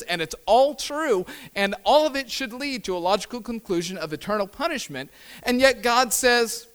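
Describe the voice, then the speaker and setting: A man, a pastor, preaching a sermon with emphatic repeated phrases, moving between hushed and loud delivery. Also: extremely high pitch, expressive, moderate pace, clear, resonant tone.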